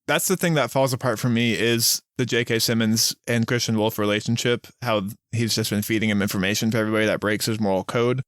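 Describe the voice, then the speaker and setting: A man's voice: fairly low pitch, steady tone, quick pace, hardly any pauses, a bit bright, no echo, studio quality. Matter-of-fact man in a podcast chat. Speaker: podcast co-host. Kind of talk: casual movie discussion.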